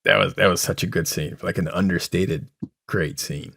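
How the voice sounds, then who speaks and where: An enthusiastic man co-hosting a podcast, his voice low and recorded very dry and close. He rambles through casual chat, swearing and shooting up in pitch whenever something excites him. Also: normal speed, vocal fry, no room sound. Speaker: podcast co-host.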